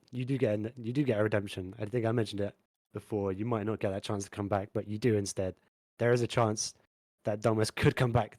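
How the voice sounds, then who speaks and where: A man's voice: fairly low pitch, a little mellow, no echo. A man co-casting a live esports stream in an easygoing, hesitant way. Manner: easygoing, hesitant, filler-heavy. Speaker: esports co-caster.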